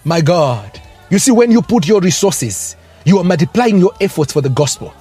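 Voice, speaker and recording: A man's voice: high-pitched, very animated, moderate pace, dark tone, breathy edge, soft background music. A man preaching a fervent sermon, breaking into tongues and rising exclamations.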